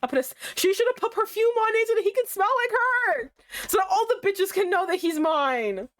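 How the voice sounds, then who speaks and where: A young adult woman streamer giving casual commentary on a game she is playing, reacting with animated outbursts. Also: brisk, dry recording, studio quality. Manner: animated, swings into high exclaims.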